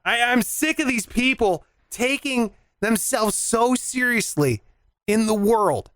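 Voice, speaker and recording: A man's voice: very high-pitched, animated, slow pace, fairly bright tone, clean tone, dry recording, clean studio sound. A young man hosting a casual comedy podcast, loose and joking, swearing and laughing as he talks. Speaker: podcast host.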